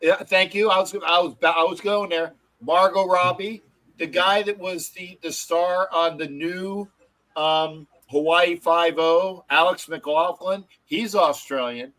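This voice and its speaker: A man's voice: high voice, steady tone, slow pace, fairly bright tone, rough recording. A man hosting a live stream in casual chat, rambling with lots of restarts and swearing freely. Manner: rambling, swears, many false starts. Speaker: show host.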